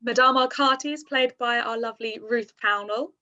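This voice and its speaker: A woman's voice: on the high side, a little fast, pushed and bright. A young woman in her twenties hosting a video call cast introduction, talking in a put-on posh voice and giggling between lines. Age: 20s. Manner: giggly, upbeat. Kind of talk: casual chat. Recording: dull lo-fi video call audio.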